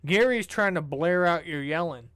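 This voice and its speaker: Smooth, sarcastic male commentator. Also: a little high, animated, moderate pace, fairly bright tone. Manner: sarcastic, mocking. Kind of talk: reaction commentary.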